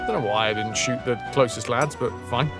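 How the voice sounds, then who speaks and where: A man's voice: medium pitch, a little fast, loud music behind the voice. A man chatting and joking as he streams a game, talking to his chat and to the game. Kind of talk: live gameplay commentary.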